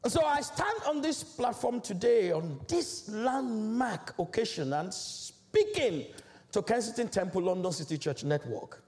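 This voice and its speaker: A man's voice: big pitch swings, unhurried, a little mellow. A man from Africa preaching a sermon as a church elder, emphatic and declamatory, in a large church. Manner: emphatic, declamatory preaching with big swells in pitch.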